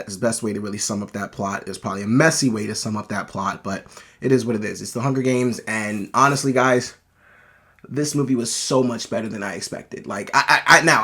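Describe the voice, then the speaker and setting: A man's voice: medium pitch, a bit bright, husky. A man giving a casual, enthusiastic movie review, talking loosely with frequent restarts and self-corrections.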